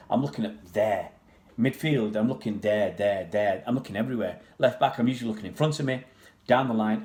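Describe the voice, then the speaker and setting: A man originally from Pakistan who grew up in England chats casually on a livestream, answering viewers' questions in a meandering way. His voice is fairly low and slightly mellow, and he rambles chattily with lots of fillers and restarts.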